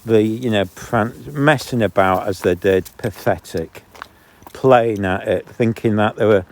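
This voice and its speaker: A man with a low voice, vlogging while walking his dog along a canal and ranting indignantly between remarks to the dog. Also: a little slow. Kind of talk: casual outdoor vlog ranting. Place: outdoors on a canal towpath. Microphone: handheld camera.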